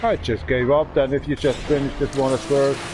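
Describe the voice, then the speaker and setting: A man's voice: mid-range voice, level tone, fairly quick, music in the background. A man in his thirties from Germany, a native German speaker talking English with a German accent, ranting and swearing in broken English on a casual game stream. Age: 30s.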